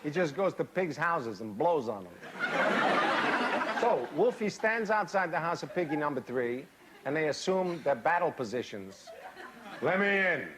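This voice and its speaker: A man giving a comic fairy-tale reading to a live audience, deadpan, with odd pauses and dry asides. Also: on the high side, heavy background noise. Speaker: storyteller. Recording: live stage reading, loud audience laughter.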